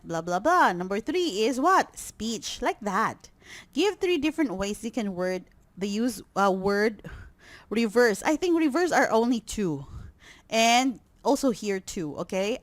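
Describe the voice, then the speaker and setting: Korean-accented woman teaching vocabulary slowly. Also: mid-range voice, no room sound. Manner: slow, drills words, quizzes students with questions. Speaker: English teacher. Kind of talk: recorded vocabulary lesson.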